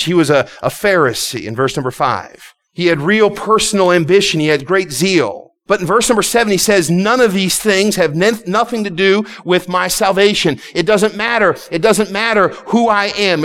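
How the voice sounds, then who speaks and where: A man's voice: high voice, a bit bright. A man preaching a sermon to his congregation, impassioned and repetitive, often stumbling and restarting his words. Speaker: pastor.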